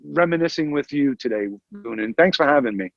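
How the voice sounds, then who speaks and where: A man guest telling prank-call stories in casual chat, excitable and swearing freely. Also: a little high, fairly quick, gravelly, no room sound, dull audio. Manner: excitable, swears freely, acts out callers in put-on voices. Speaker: podcast guest, former prank caller.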